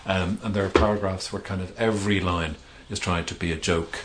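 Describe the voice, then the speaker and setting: A man's voice: deep voice, steady tone, brisk, background noise. A middle-aged male author being interviewed, talking thoughtfully with hesitations and restarts. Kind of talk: reflective conversational interview.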